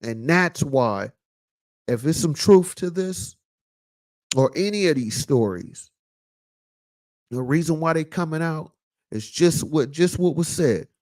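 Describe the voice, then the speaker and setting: A man talks straight to his viewers in a casual commentary, his voice sitting a little high. He loosens things up with fillers and comes back to his key lines again and again like a sermon. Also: expressive, takes it slowly, pauses often, darkish tone. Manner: preachy, repeats lines for emphasis. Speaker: vlog host.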